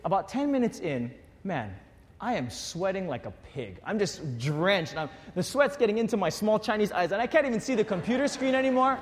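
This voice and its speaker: High-voiced preacher in a reverberant hall. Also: male voice, fairly quick, slight background noise. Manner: animated storytelling with acted quotes. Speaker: pastor. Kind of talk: sermon.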